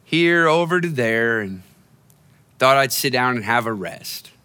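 A man's voice: medium pitch, animated, unhurried, pushed and bright, clean tone, in a large hall, voice pushed down. A man voicing a frail old homeless woman. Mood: gentle.

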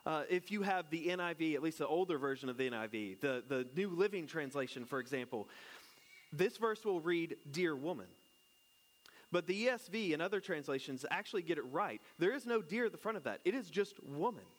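A man's voice: on the high side, expressive, a little fast. Chatty, joking man preaching. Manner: chatty and joking, asks the congregation questions. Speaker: pastor. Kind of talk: casual conversational sermon.

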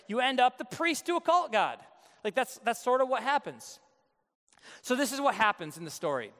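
High-voiced joking male preacher. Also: sharp tone, big-room sound. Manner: conversational, joking, acts out quotes. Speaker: pastor. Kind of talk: sermon.

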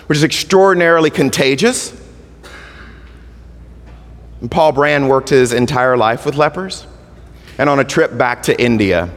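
A man preaching a sermon in a mid-range voice, earnest and measured. He pushes his key points harder, then sinks low and slow. His voice rings with the long reverb of a church hall. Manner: earnest, builds to emphatic then drops to quiet, drawn-out words. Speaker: pastor.

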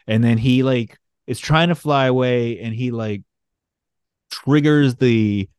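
Podcast guy with a lowish voice, swearing and laughing through a recap, dry close sound. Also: a little mellow, smooth, dry recording. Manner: profane, laughing, paraphrases characters. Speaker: podcast co-host. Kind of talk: casual comic recap chat.

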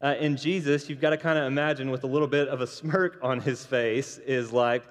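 Animated male preacher in a reverberant hall. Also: fairly high pitch, a little fast, hardly any pauses. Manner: animated storytelling, acts out quoted voices. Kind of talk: sermon.

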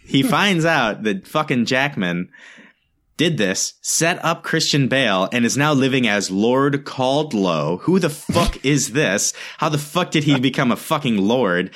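A man recapping a film to a co-host in casual podcast chat, animated, cursing often and laughing. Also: mid-range voice.

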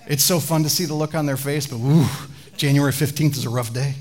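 A man, a pastor, preaching a sermon with animated storytelling and chatty asides to the congregation. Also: a little high, a little fast.

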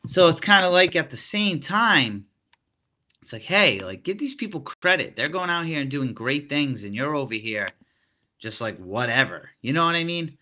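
A man's voice: fairly high pitch, big pitch swings, normal speed, pushed and bright. A young man hosting a casual wrestling chat podcast, laid-back and self-mocking, rambling with lots of fillers. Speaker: podcast host.

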